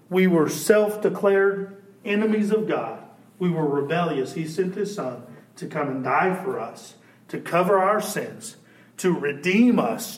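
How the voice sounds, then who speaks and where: A man preaching a sermon in a church, animated and shouting at times, then dropping to a hush. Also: a little high. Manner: animated preaching, swinging from loud to hushed. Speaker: pastor. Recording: echoey church room.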